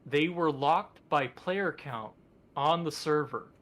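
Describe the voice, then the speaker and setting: A man's voice: a little high, takes it slowly, fairly bright tone. A man co-hosting a podcast in casual chat, rambling with enthusiasm and lots of fillers. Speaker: podcast co-host.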